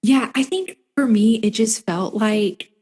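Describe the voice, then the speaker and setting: A woman's voice: fairly high pitch, a little slow, darkish tone, slightly rough. A woman guest on a podcast, talking reflectively and hesitantly with many filler words. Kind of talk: casual conversation. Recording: long reverb.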